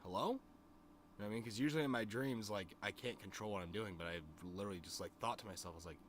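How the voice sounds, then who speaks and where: A man's voice: on the low side, racing, noisy background. A man streaming to his chat, telling a rambling story in a casual, profane way, with lots of "you know what I mean.". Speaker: streamer and musician.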